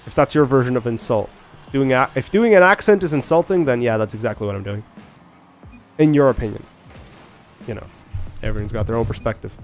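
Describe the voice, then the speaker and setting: A man's voice: medium pitch, brisk, faint music behind. A man streaming a video game live, chatting casually and rambling to his viewers. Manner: rambling, talks straight to chat. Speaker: livestreamer.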